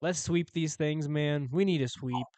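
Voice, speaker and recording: Brief: male betting co-host, smooth resonant tone, dry close sound, laid-back stat talk. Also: fairly high pitch, unhurried, dry recording. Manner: relaxed, stat-heavy, filler "um". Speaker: sports betting podcast co-host. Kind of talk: casual sports betting chat.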